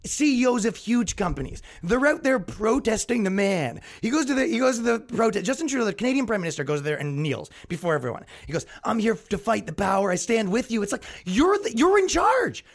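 A man's voice: very high voice, very animated, a little fast, hardly any pauses. A young man hosting his own podcast, ranting in an exasperated comedic way and mocking people in put-on voices. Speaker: podcast host. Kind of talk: solo comedic rant.

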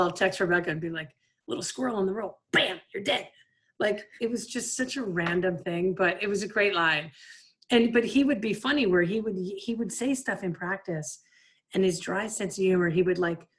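A woman in her fifties, a former player and coach, telling stories in a casual interview, full of "like" and "you know". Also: mid-range voice. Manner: lively anecdotal, frequent "like" and "you know".

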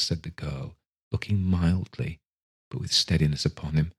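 A man reads a classic novel aloud in a measured, expressive way. His voice sits low and is exceptionally clear and smooth. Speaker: narrator. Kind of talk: audiobook reading of a classic novel.

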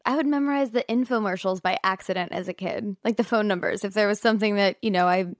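A woman's voice: medium pitch, fast, no echo, clean studio sound. A woman, an actress guest on a podcast, talking about her work in an enthusiastic, chatty way. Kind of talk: casual interview chat.

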